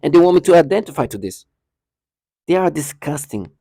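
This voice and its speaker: Man, agitated ranting vlogger, darkish mellow voice, repeats and restarts a lot, dry sound. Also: a little high, very animated, a little fast, creaky, breathy edge, dry recording. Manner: indignant, repetitive, frequent restarts and stumbles. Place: indoor building hallway.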